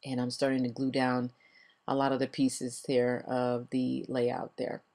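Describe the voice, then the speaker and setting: A woman's voice: a bass voice, monotone, a little slow, a little mellow. An older woman, chatty and rambling, narrating a voice-over for her craft video and laughing often. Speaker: crafting vlogger.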